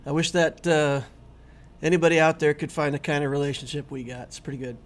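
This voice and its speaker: Speaking briskly in a fairly high, steady voice, a middle-aged gaming channel host keeps up casual live-stream commentary. He's chatty and easygoing, talking comfortably to his viewers as he streams.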